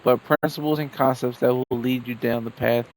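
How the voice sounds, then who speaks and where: Male game streamer, mid-pitched, monotone delivery, reads in-game documents aloud with offhand asides. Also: moderate pace, slight background noise, poor audio. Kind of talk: live gameplay commentary, reading in-game notes aloud.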